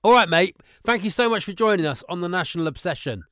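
A man's voice: high-pitched, animated, quick pace, sharp tone, no echo, studio quality. A man hosting a podcast, chatting casually and joking with guests. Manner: joking, reassuring. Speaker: podcast host. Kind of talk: casual comic chat.

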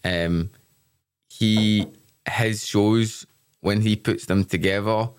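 Young Glaswegian comic guesting on a podcast, lowish voice, bursts into little voices for his anecdotes. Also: slow pace, clean tone, faint music behind. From Scotland. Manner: animated storyteller, acts out quotes. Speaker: stand-up comedian guest. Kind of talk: casual podcast chat.

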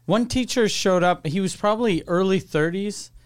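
A man co-hosting a casual podcast, telling joking, animated stories about his school days. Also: sits high, normal speed, clear, resonant tone. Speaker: podcast co-host. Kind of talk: casual storytelling chat.

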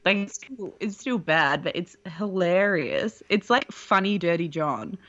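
A woman's voice: on the low side, expressive, a little slow, fairly bright tone, muffled recording. A young woman co-hosting a podcast, chatting casually with a blunt manner and casual swearing. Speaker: podcast co-host. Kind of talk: casual chat.

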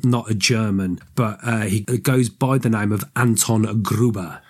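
Guy rambling about films on a podcast, kinda husky, keeps backtracking. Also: on the low side, measured pace. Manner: rambling, self-correcting, animated. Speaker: podcast co-host. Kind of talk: casual film chat.

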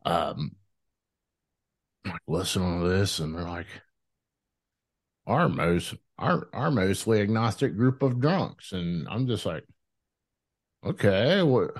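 A man in his thirties, a podcast guest telling his story in a rambling, profane, animated way, with many restarts. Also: deep voice, takes it slowly, pauses often, no echo. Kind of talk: casual storytelling interview.

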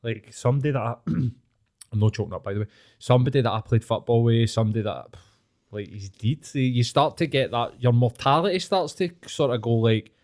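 A man's voice: mid-range voice, fairly quick, darkish tone. A Glaswegian man in his late thirties, hosting a podcast, telling school stories in casual, sweary chat with frequent laughs. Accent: Glaswegian Scottish. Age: late 30s. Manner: sweary, storytelling, laughs often. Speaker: podcast host.

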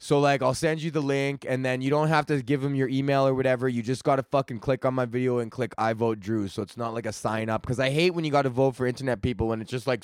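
A man's voice: medium pitch, no echo, clean studio sound. A young man hosting a comedy podcast, rambling through a crude, slangy monologue and laughing at his own jokes.

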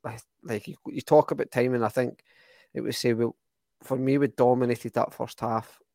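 Brief: young Scottish podcast co-host, enthusiastic rambling match talk, dry close sound. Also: male voice, medium pitch, fairly even intonation, normal speed, creaky, dark tone, no echo. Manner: rambling, restarts often, enthusiastic. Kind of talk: casual football chat.

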